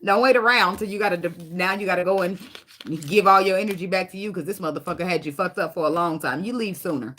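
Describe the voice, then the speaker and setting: A woman's voice: on the low side, quick pace, a bit bright, a little hiss or hum. A woman giving a casual tarot reading, blunt and profane, laughing often and sliding into dramatic sarcasm. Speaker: tarot reader.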